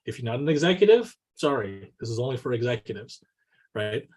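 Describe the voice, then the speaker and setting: A man's voice: mid-range voice, brisk, slightly rough. A man co-hosting a casual business podcast, talking animatedly, acting out little dialogues and tagging nearly every point with "right?". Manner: animated, says "right?" constantly, acts out quoted dialogue. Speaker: co-host.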